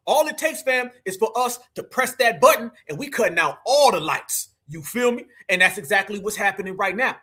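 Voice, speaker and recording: A man's voice: sits high, lively intonation, brisk, few pauses, sharp tone, breathy edge. A man from the United States hosting a livestream, talking emphatically and repetitively and preaching straight to his audience. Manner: emphatic and repetitive, calls listeners "fam"; preachy, addresses the audience directly. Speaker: livestream host. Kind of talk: livestream commentary.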